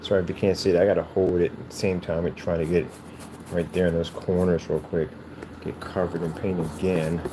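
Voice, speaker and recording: Brief: a playful, rambling man with a lowish voice, chatting as he works. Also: flat delivery, brisk, background noise. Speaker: cardboard PC case builder. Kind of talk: casual chat while crafting.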